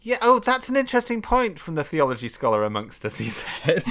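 A man co-hosting a podcast, chatting casually and telling a story. His voice swings widely in pitch as he acts out the quotes. He laughs often along the way. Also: sing-song, moderate pace. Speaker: podcast co-host.

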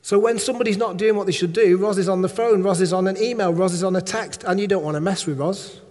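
Male preacher, fairly high voice, chatty sermon delivery with quick asides, long echo of a church hall. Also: a little mellow. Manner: conversational, rhetorical check-ins and humorous asides.

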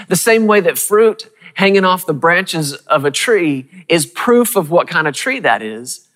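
A man preaching a sermon, who speaks emphatically, repeats key phrases, asks his listeners questions, and reads scripture slowly and deliberately. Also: high voice, lively intonation, fairly bright tone. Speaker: pastor. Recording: long hall reverb.

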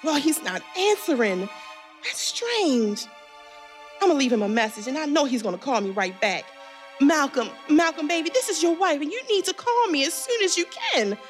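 A high-strung, theatrical pastor's wife in an audio drama, played by a woman. Her high voice swoops widely as she presses everyone for answers. Faint music sits under the scene. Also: sing-song, normal speed. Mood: pleading. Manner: theatrical, demanding, swoops in pitch.

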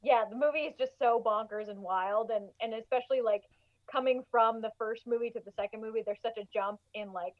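High-voiced giggly woman, lo-fi sound. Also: fairly even intonation, brisk. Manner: giggly, chatty, lots of fillers. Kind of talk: casual podcast chat.

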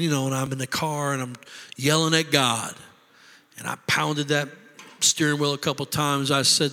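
A man's voice: a little high, pushed and bright. A middle-aged man preaching a sermon as pastor, impassioned and conversational, repeating himself for emphasis. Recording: long hall reverb.

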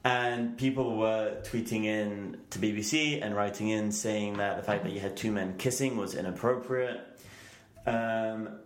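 A man's voice: on the low side, echoey room. A man with an English accent co-hosting a podcast, chatting casually and explaining stories at length. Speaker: podcast co-host. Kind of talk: casual chat.

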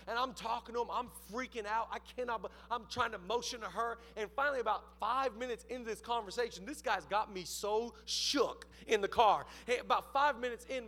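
A man preaching a sermon as pastor, telling stories with lively, acted-out voices. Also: sits high. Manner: animated storytelling, acts out voices.

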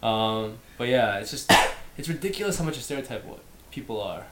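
A man in his thirties co-hosting a podcast, chatting casually and laughing as he tells quick stories. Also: crowd noise. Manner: animated, laughing, quick storyteller. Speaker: podcast co-host. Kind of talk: casual chat. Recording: echoey room with faint rumble.

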